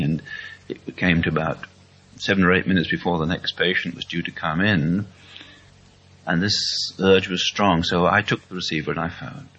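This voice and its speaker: A middle-aged man from England giving an earnest, slowly told testimony at a Christian meeting. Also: deep voice, a bit bright, slightly rough. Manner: slow, earnest storytelling. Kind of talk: testimony talk. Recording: dull lo-fi recording.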